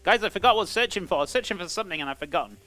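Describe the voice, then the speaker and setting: Man, British accent, live-stream cooking chat, rambling friendly asides, slightly high pitch, forceful tone. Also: lively intonation, very fast, faint music behind. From Britain. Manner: chatty, rambling, greets chat as "buddy".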